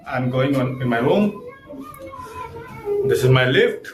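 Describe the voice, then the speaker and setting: A young man with an Indian accent talking casually to camera, speaking in halting English and often correcting himself. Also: mid-range voice, lively intonation, music in the background, low-quality recording. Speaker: vlogger. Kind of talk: casual vlog talk to camera.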